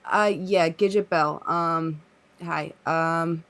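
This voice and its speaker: A nervous, stammering adventurer with a jittery, raised voice, played by a man at a tabletop game. His lines break off in fear, and his voice has a gravelly edge. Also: a little high, steady tone, slow, pushed and bright, exaggerated voice. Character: nervous, bird-fearing male adventurer.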